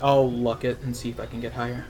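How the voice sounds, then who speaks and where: A man's voice: medium pitch, level tone, fast talker, music in the background, low-quality recording. A man playing a tabletop game, speaking casually and hesitantly, and politely when he voices his character. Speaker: player.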